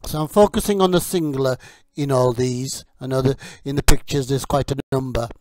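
A man teaching English vocabulary, who says each word slowly and clearly, then pauses so the learner can repeat it. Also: mid-range voice, a little mellow, no room sound. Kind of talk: slow, deliberate vocabulary drill.

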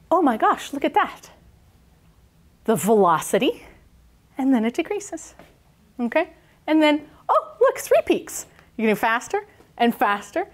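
A woman professor giving a public science talk in an enthusiastic, jokey, storytelling way. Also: fairly high pitch. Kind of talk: lively science lecture to a club. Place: in-person talk in a meeting hall.

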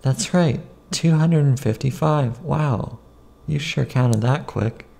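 A man reads his own picture book aloud in an unhurried, playful sing-song, chanting silly rhymes between asides about the pages. His voice is mellow and dark, with a gravelly rasp underneath. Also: medium pitch.

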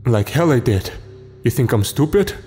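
A man voicing a hostile old male motel owner who shouts and spits with rage. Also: fairly low pitch, lively intonation, brisk, faint music behind, close to an everyday voice.

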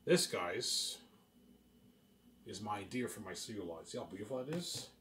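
A man's voice: lowish voice, lively intonation, normal speed, noisy background. A young man from Canada talking in a rambling, repetitive casual monologue to his viewers, boasting about his plans. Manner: repetitive, restarts phrases, boastful daydreaming. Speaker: vlogger.

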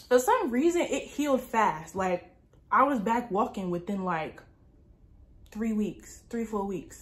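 A woman in her early twenties from New Jersey, telling a story casually and dramatically with lots of filler words. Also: medium pitch. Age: early 20s. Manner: chatty, dramatic retelling with many "like" fillers. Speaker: lifestyle vlogger.

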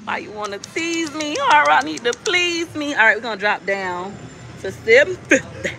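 Excitable woman cheering at a casino. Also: high voice, normal speed, vocal fry. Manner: cheers the machine on, chatty with viewers. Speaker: casino gambling vlogger. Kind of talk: live gambling stream. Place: casino floor.

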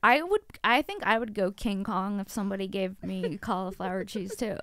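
A woman guest on a comedy podcast, joking along with quick, giggly interjections. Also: mid-range voice, fairly bright tone, no room sound. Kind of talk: casual comedy podcast chat.

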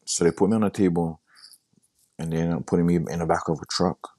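A young man casually telling a personal story in a halting way, often repeating himself and quoting what he said. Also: low voice, fairly even intonation, warm tone, breathy edge, dry recording. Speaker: guest sharing his story.

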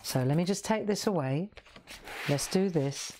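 On a live craft stream, a middle-aged woman with a lowish, slightly mellow voice speaks at a measured pace. She chats playfully, jokes with her viewers, and sings snippets while showing what she's made.

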